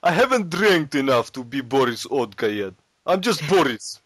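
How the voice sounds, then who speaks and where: A man's voice: mid-range voice, sing-song, normal speed, a bit bright, dry recording, clean studio sound. A man putting on a hapless, boozy man named Boris who insists and whines in broken English. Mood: insistent.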